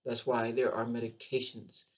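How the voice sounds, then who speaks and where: A woman's voice: a bass voice, moderate pace. Passionate, emphatic woman podcast host. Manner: emphatic, animated, repeats phrases for emphasis. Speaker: podcast host and keto coach. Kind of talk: passionate health monologue.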